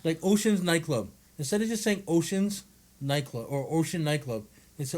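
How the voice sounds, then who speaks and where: A man's voice: fairly high pitch, lively intonation, moderate pace, a little mellow. A man from Hawaii in his thirties, co-hosting a podcast in casual chat, joking, laughing and acting out quoted lines. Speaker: podcast co-host.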